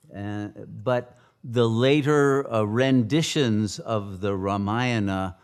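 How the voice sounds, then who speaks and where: A man giving a spiritual retreat teaching, halting, with many filler pauses. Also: lowish voice.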